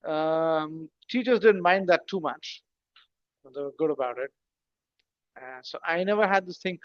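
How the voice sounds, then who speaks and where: A man, speaking as a guest. He talks conversationally, explains things step by step, and throws in rhetorical questions and lively asides. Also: a little high, a little slow, long pauses, no room sound, lo-fi sound. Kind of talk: conversational talk in an online session.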